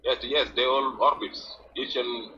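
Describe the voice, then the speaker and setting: A man's voice: mid-range voice, fairly even intonation, measured pace, lo-fi sound, crowd noise. A man calling into a live debate, sounding hesitant and defensive and often trailing off mid-sentence. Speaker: caller. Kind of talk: heated live call-in debate.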